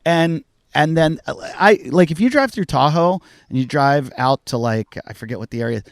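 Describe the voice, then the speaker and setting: A man's voice: on the high side, animated, normal speed, no echo, studio quality. A middle-aged man hosting a casual podcast chat, telling candid stories and swearing freely. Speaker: podcast host.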